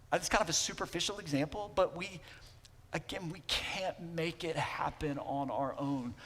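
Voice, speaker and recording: A man preaching a sermon as pastor, talking conversationally and swinging between emphatic lines and hushed ones. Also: medium pitch, in a large hall. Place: church sanctuary.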